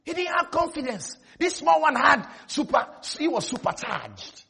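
A man preaching a sermon, telling a story with animated energy and bursting into shouts. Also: very high voice, moderate pace, creaky.

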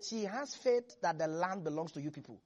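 A preacher gives an animated sermon, laughing often and acting out the quotes in the scripture. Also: medium pitch, brisk, highs cut off.

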